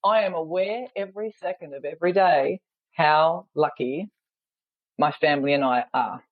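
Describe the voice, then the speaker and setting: A woman's voice: low-pitched, moderate pace, no room sound, phone-quality sound. A woman with a Western Australian accent, a guest on a podcast, chatting in a bubbly, jokey way over a remote call. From Perth, Western Australia. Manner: bubbly and jokey, laughs often. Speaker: podcast guest, entrepreneur coach. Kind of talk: casual interview chat.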